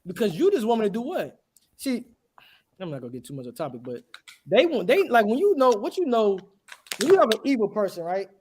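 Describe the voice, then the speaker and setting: A man preaching with a lively, swooping voice that jumps high and drops low. He fires off rhetorical questions and waits for agreement. His delivery is emphatic and insistent. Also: fairly quick, a little hiss or hum. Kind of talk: street sermon.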